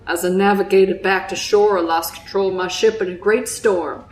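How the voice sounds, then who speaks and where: A woman voicing a haunted old drunk sailor with a put-on Southern accent, telling his tale slowly and solemnly. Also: medium pitch, steady tone, darkish tone, slight background noise, natural voice. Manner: slow, solemn storytelling, breaking into giggles. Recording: roomy echo.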